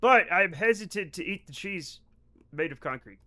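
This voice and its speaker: He has a high, sharp, expressive voice and speaks at a normal speed. As a live-stream gamer, he chats casually with his viewers during play in a rambling, profane, joking manner.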